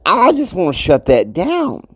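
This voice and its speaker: A man in his fifties hosting a motivational podcast, talking emphatically and preachily. He swings between soft asides and loud outbursts. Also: high voice, wildly swooping pitch, measured pace, husky, no room sound, studio quality. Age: 50s. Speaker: podcast host.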